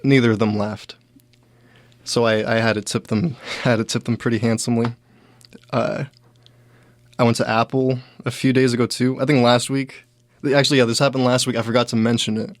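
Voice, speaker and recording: A man's voice: medium pitch, dry recording. Rambling young man telling stories. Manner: rambling, filler-heavy, quoting others in raised voices. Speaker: comedian host. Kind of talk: casual storytelling monologue.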